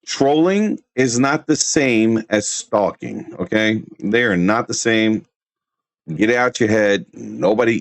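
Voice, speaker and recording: A man's voice: mid-range voice, no echo. Brash trash-talking male streamer, dry sound. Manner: laughs at his own jokes. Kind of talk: casual livestream rant.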